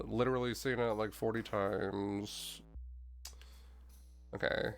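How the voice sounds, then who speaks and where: A man's voice: lowish voice, brisk, gravelly, fairly bright tone. Chatty male streamer rambling over game music. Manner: rambling, chatty, lots of "like" and restarts, mild swearing. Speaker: streamer playing a video game. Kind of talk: casual gameplay commentary, reading game text aloud. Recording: faint game music underneath.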